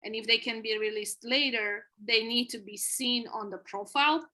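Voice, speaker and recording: A woman's voice: fairly high pitch, moderate pace, sharp tone, low-quality recording. A woman on a team video call, going through app features point by point in a methodical way. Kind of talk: casual work meeting.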